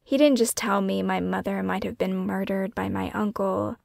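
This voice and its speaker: A woman author reading her own memoir as scripted first-person narration, hushed and often falling into a breathy whisper. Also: medium pitch, fairly even intonation, moderate pace, dry recording, studio quality. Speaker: author and podcast host.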